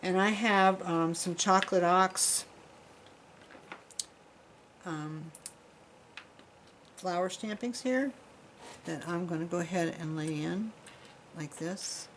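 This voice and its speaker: A woman with a fairly low voice talks casually as she demonstrates a craft, chatting and rambling while her hands keep busy. Recorded in a workshop with a faint hiss of noise underneath. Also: slow, pauses often, rough recording. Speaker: jewelry-making instructor.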